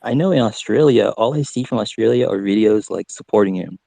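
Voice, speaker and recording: A man's voice: on the low side, lively intonation, a little fast, vocal fry, dark tone, dry recording. A man hosting a casual chat, rambling and restarting, often checking he is understood. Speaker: podcast host.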